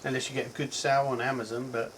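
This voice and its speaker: A man's voice: mid-range voice, level tone, quick pace, a bit bright, slight background noise, low-quality recording. A man with a Cockney accent giving a casual, rambling product review, chatty and full of ums and self-corrections. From England. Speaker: tech reviewer.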